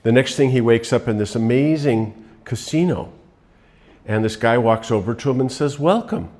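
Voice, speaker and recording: A man giving a relaxed, rambling motivational talk, telling stories to make his points. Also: mid-range voice, normal speed. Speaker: motivational speaker.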